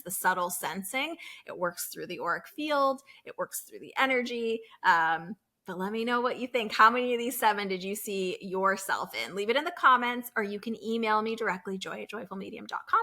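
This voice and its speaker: A woman's voice: mid-range voice, sharp tone. A woman from the Boston area hosting a solo podcast, talking in an earnest, chatty way with many fillers and restarts. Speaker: podcast host.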